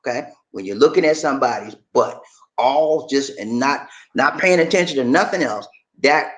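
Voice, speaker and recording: Man, livestream host, casual chat, says y'all, lively up-and-down voice. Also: mid-range voice, poor audio. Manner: chatty, addresses viewers as y'all.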